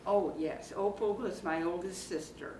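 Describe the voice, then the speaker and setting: A woman in her eighties from Iowa, reminiscing slowly and haltingly in an oral history interview held in a library community room. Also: on the low side, darkish tone. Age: 80s. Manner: slow, halting reminiscing with fillers. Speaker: interviewee, former circus performer. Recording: roomy, distant mic, faint background noise.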